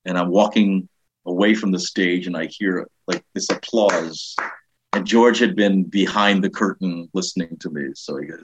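An older man with a New York accent, a comedian telling lively show-business stories in an interview, acting out the voices of people he quotes. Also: low voice, normal speed, breathy edge, low-quality recording. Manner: animated, acts out quoted voices, frequent restarts. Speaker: comedian and guest. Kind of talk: casual anecdotal storytelling.

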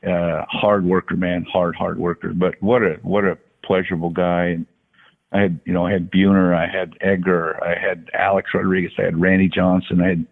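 A man in his sixties, a former baseball athletic trainer, telling stories in a folksy, halting way with frequent restarts and quoted voices. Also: sits low. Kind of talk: relaxed anecdotal storytelling. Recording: tinny phone-line audio.

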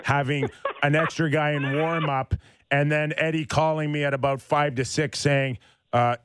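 A man's voice: fairly high pitch, flat delivery, moderate pace, fairly bright tone, clean tone. A man, a former hockey player, chatting casually and teasing, with a laugh in his talk. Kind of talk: casual chat.

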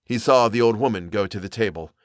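A man narrating a horror story as a podcast host, measured and expressive. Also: on the low side, dry recording, studio quality.

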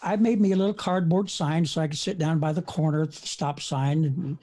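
A man's voice: fairly high pitch, steady tone, fairly quick, mellow. A man in his seventies, an evangelist preacher, telling stories in a folksy, rambling way with many fillers, speaking from his front porch. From United States. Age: 70s. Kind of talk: storytelling in an interview.

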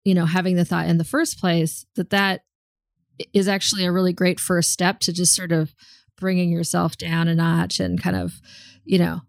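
A woman co-hosts a relaxed conversation in a slightly low, gravelly voice. She thinks aloud with plenty of ums and restarts. The sound is close and dry. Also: moderate pace, no room sound. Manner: thoughtful, frequent ums and restarts. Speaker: podcast co-host. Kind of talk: casual conversational chat.

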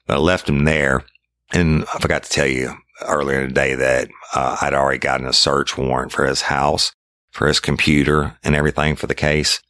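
A man's voice: very deep voice, fairly bright tone, no echo, studio quality. A middle-aged man telling a blunt, profane police story in a casual way. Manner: profane, blunt, acts out his own confrontations.

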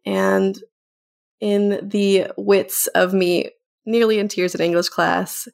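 A young woman talks casually and from the heart as a podcast host, sounding grateful and a little emotional. Her voice sits at a middle pitch with a noticeable gravelly fry. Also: fairly even intonation, takes it slowly, a little mellow. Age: young adult. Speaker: intern hosting a weekly podcast segment. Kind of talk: casual personal talk to camera.

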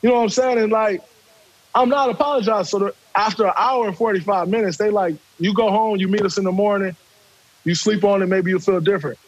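A man, telling a story in casual talk, animated and profane, acting out quotes. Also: high-pitched, fast, no room sound, lo-fi sound.

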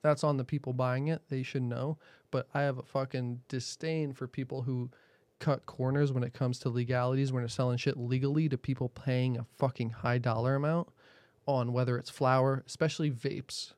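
A man's voice: medium pitch, level tone, normal speed, a little mellow, no echo. Man, podcast host, blunt, profane, chuckling, dry recording. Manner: profane, blunt, laughs often. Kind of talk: casual interview answers.

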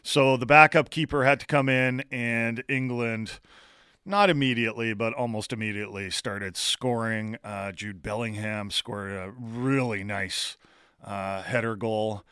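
A man's voice: lowish voice, steady tone, unhurried, sharp tone, clean tone, no room sound. A man co-hosting a morning sports radio show, chatting through match news in a studio. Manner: conversational, explains match news with fillers.

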